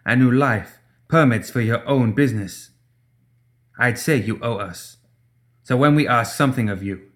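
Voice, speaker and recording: A man reading the part of a ruthless female gang enforcer who speaks quietly, coldly and with firm determination. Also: mid-range voice, natural voice.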